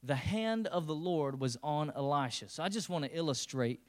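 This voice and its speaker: A pastor with a fairly high male voice delivers a sermon in a casual, animated way. He retells the scripture story with loose, joking asides and slips into quick character voices, making it lively, humorous storytelling.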